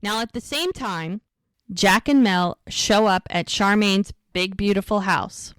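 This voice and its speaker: A woman co-host recaps a drama episode in a casual, animated way and slips into the characters' lines. Her pitch sits in an ordinary middle range. The recording is dry and close, with little room sound. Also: measured pace, smooth, no room sound. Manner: animated retelling, acts out quoted lines.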